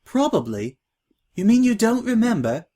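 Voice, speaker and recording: A man's voice: fairly high pitch, sing-song, measured pace, husky, voice pushed up, exaggerated voice. A man voicing a timid, prim young filly who speaks politely and formally, hesitant and tearful.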